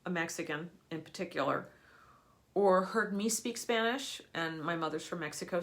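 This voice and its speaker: A woman's voice: low voice, a bit bright. A woman who is an energy healer, giving a live teaching talk in an earnest, explanatory and emphatic manner. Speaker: energy healer for people and animals.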